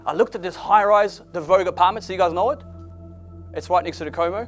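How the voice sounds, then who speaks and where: A man, not an English speaker, telling a blunt, animated motivational story to an audience. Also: fast talker, soft background music. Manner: animated, swings loud and excited to low and quiet; blunt with occasional swearing.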